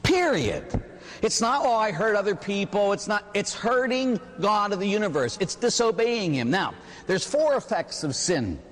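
A Catholic priest preaching to his congregation. His voice sits a little high and swings widely as he tells his stories, and it rings with the long reverb of a large hall. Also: moderate pace. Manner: animated storytelling preacher. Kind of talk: sermon. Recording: echoey hall.

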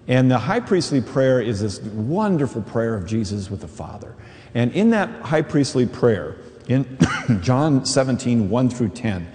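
A man's voice: medium pitch, warm tone, long reverb tail. A man preaching a sermon who tells a personal story and acts out the voices in it.

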